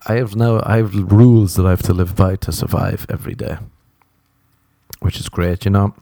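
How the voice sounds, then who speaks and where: A man's voice: low voice, steady tone, moderate pace, warm tone, dry recording. A young Irish man in his twenties, rambling through a comedic solo chat, profane and self-mocking, close to the mic. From Ireland. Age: 20s.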